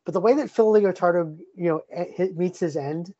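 Male podcast host, upbeat and rambling, higher-pitched, dry slightly muffled sound. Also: a little fast, dark tone, no room sound. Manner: enthusiastic, many fillers and restarts. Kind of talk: casual podcast chat.

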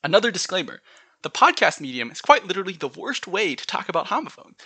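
A man's voice: high voice, very animated, fast talker, pushed and bright, breathy edge, no room sound. A man with a General American accent hosting a solo podcast, chatting through word lists and spelling words out letter by letter. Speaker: podcast host.

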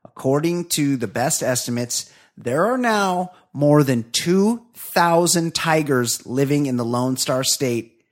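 A man's voice: a little high, animated, slow pace. A man co-hosting a comedy podcast in casual banter, swearing often and sounding emphatic and indignant. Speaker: podcast co-host.

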